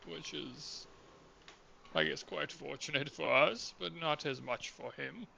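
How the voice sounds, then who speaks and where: A man playing a fussy, creaky-voiced ship doctor. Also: on the high side, slow, bright, forceful tone, a little hiss or hum, heavily acted. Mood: hesitant. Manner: hesitant, fussy and formal. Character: hesitant, prim male ship doctor.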